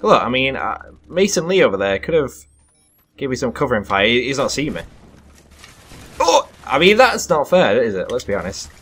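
A young man giving live commentary over his own gameplay, excitable and self-deprecating, breaking into sudden loud yelps. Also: mid-range voice, fast talker, a little hiss or hum. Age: young adult. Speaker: gaming commentator.

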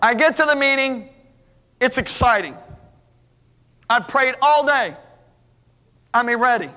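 A middle-aged man preaching a sermon as a lively story, acting out the dialogue. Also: very high voice, takes it slowly. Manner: animated, acts out dialogue, restarts. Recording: hall reverb.

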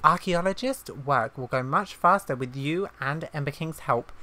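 A woman's voice: low voice, moderate pace, pushed and bright. A woman reading aloud a grateful male archaeologist's lines from a game, in her own plain voice. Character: cheerful male archaeologist explorer.

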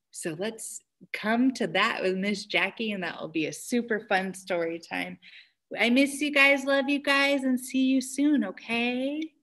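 A woman's voice: sits high, a bit bright. A young woman who is a children's librarian, hosting a story time and cheerfully encouraging young kids.

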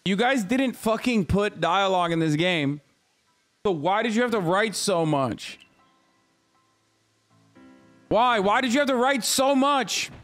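A man's voice: high-pitched, a bit bright. A man streaming a game, profanely ranting with an exasperated tone in casual commentary. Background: faint game music.

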